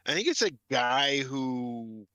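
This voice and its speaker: A man co-hosting a comedy podcast, tossing in crude deadpan one-liners. His voice is bright and sharp. It sits dry and close on the mic. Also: mid-range voice, takes it slowly, clean tone, no room sound. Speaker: podcast co-host. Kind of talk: casual comedic podcast chat.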